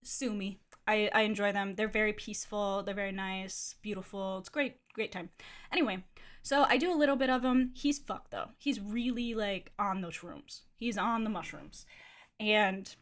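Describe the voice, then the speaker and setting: Using a medium-pitched voice at a moderate pace, this young woman streamer casually shares something that happened to her. She's open and talkative, curses without hesitation, and fills gaps with "like."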